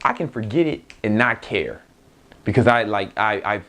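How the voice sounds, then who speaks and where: A man's voice: on the low side, expressive, normal speed, fairly bright tone. Blunt, profane young man talking business. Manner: profane, blunt, laughs often, many restarts. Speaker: entrepreneur. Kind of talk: casual motivational talk.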